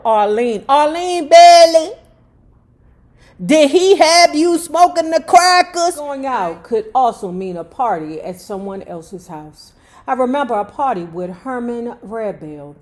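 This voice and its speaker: A woman's voice: mid-range voice, a little mellow. A woman reading a memoir aloud at her own pace, breaking off for blunt, profane asides. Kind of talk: book reading with casual commentary.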